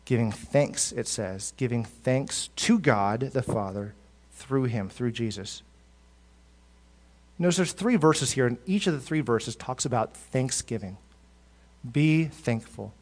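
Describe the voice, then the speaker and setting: A male pastor preaching a sermon, rising to loud emphatic peaks and dropping to soft, low asides, often repeating words as he goes. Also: lively intonation, takes it slowly.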